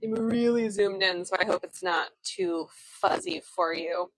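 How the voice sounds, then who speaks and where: A woman's voice: medium pitch, measured pace, no echo, poor audio. A woman guiding a live virtual walking tour outdoors, talking into a phone camera in a chatty, friendly way with many fillers and restarts, often laughing at herself. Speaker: tour guide. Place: outdoors on town streets.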